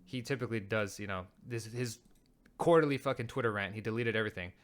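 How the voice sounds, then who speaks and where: A man hosting a show, ranting heatedly and with lots of swearing as he reacts to clips. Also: lowish voice. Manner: heated, profane, rapid ranting. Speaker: show host. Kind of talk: casual commentary on clips.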